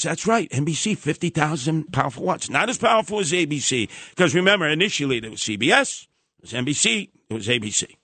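A man's voice: lively intonation, fast, pushed and bright, breathy edge, no echo. A man hosting a talk radio show, telling a story theatrically and acting out the voices of the people in it. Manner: bombastic, theatrical, acts out quoted voices with big pitch jumps.

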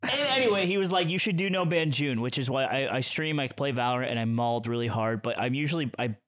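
A man's voice: mid-range voice, fast talker, fairly bright tone. A young man co-hosting a podcast, joking casually and acting out quoted lines as he tells a story. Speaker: podcast co-host. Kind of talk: casual chat.

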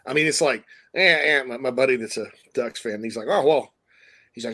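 A man talking college football on a podcast from his home desk mic, over a remote call. He rambles, doubles back on his words and chuckles between thoughts, at an ordinary mid pitch. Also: brisk, a bit bright, slightly rough. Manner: rambling, self-interrupting, chuckling. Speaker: podcast co-host. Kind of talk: casual sports talk.

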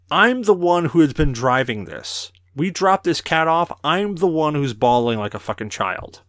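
A man's voice: mid-range voice, big pitch swings, a little fast, few pauses, a bit bright, dry recording, clean studio sound. A man hosting a casual podcast, telling crude stories and laughing often, a bit tipsy. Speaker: podcast host.

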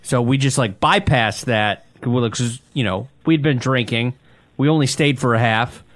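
Podcast co-host, a man, mid-pitched, blunt and ribbing. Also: unhurried, fairly bright tone, no echo. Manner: blunt, incredulous teasing. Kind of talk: casual sports podcast banter.

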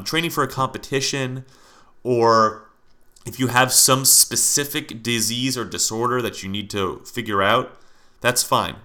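A man's voice: medium pitch, sharp tone. A man hosting his own podcast, talking straight to listeners in a heated rant, with frequent restarts, repeats and swearing. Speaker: podcast host. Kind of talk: solo podcast commentary.

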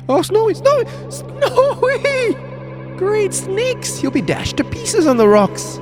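A man's voice: high-pitched, steady tone, moderate pace, music in the background, voice pushed up, close to an everyday voice. A man reading aloud the lines of an earnest, optimistic boy reporter, eager and exclaiming. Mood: alarmed.

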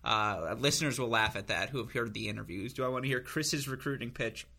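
A man co-hosting a podcast, telling rambling self-mocking stories with bursts of high laughter. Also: a little fast, pushed and bright. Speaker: podcast co-host. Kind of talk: casual chat.

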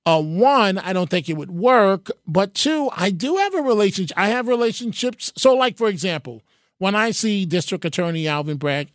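Animated high-voiced male radio host. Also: normal speed, no echo, studio quality. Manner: animated, sarcastic, repeats words when stressing a point. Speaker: radio talk show host. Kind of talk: talk radio, taking calls. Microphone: studio microphone.

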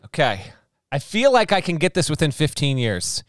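A man's voice: a little high, sing-song, normal speed, no echo, studio quality. A man co-hosting a podcast, teasing and reacting with playful, dramatic flair. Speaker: podcast co-host. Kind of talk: casual podcast banter.

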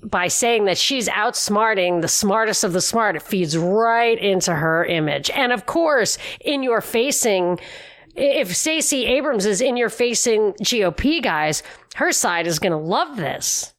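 A woman's voice: mid-range voice, expressive, measured pace. Joking woman co-hosting a podcast. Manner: joking, acts out conversations. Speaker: podcast co-host. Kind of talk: casual political chat.

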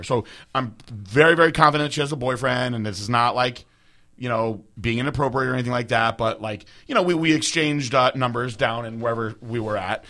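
A young man hosting a casual podcast chat, talking in an animated, loose way and swearing freely. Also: mid-range voice. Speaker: podcast host.

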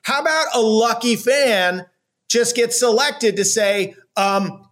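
High-voiced man ranting sarcastically. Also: takes it slowly, a bit bright. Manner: ranting, sarcastic, laughs and swears. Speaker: podcast co-host. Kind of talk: casual sports chat.

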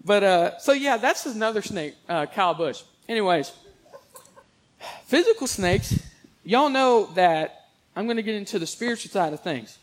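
A young man telling rambling, animated stories in a casual monologue, mixing jokes with religious asides. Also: sits high, moderate pace.

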